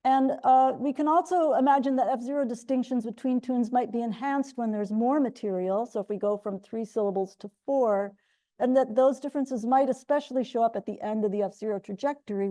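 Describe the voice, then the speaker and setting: Middle-aged lady lecturing on linguistics, kinda gravelly, restarts a lot as she explains. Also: fairly high pitch, fairly quick, warm tone. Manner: explanatory, with frequent restarts and fillers. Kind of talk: academic colloquium talk.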